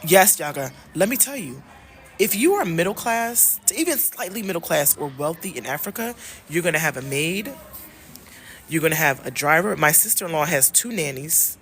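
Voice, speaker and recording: A woman from the United States chatting casually in a travel vlog, animated and emphatic, repeating phrases and talking straight to her viewers. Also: deep voice, normal speed, soft background music. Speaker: travel vlogger and love coach.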